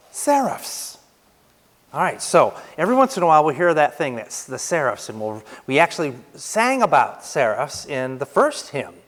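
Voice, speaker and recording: A man preaching a sermon as pastor in a conversational way, with lively shifts of emphasis. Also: fairly high pitch. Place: church sanctuary. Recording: reverberant church hall.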